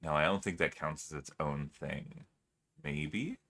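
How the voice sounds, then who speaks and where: Male streamer, casual chat, playful and giggly, bright tone, unhurried delivery. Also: a bass voice.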